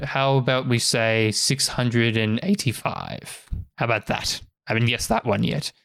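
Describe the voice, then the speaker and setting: A man voicing a proud old male chief who speaks slowly and formally. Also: medium pitch, fairly even intonation, vocal fry, fairly bright tone, no room sound. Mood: wry.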